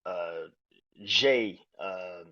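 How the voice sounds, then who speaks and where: Male podcast host, casual and profane, animated delivery, lo-fi audio. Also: sits low, extremely slow. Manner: animated, profane, acts out quotes in raised voices. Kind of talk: casual match review. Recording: dull lo-fi audio.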